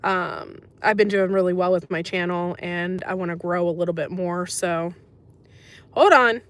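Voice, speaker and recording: A woman's voice: fairly low pitch, steady tone, moderate pace. Chatty American woman livestreaming. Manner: chatty, says um often, sympathetic. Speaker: livestream host reading chat. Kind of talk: casual livestream chat.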